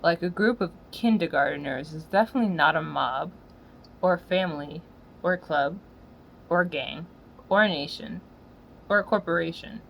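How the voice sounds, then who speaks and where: A woman ranting in a profane, slangy monologue, swinging from low muttering to loud yelling. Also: normal speed, creaky, a little hiss or hum, rough recording. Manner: swears constantly, slangy. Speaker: solo podcaster.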